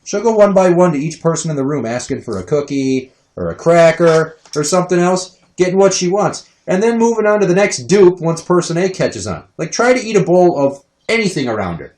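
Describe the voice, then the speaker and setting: A man in his thirties, a podcast host, telling profane, animated stories about his kids in casual chat. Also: on the high side, brisk, few pauses. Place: home basement. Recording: roomy echo.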